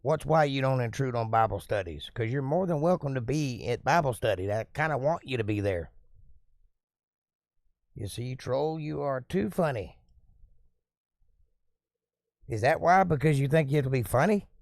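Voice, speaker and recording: Reading through his live stream's viewer comments, this easygoing man replies to each in a homespun, chatty way, at a moderate pace broken by long pauses. The recording is dry, his middle-pitched voice close-miked with no room around it.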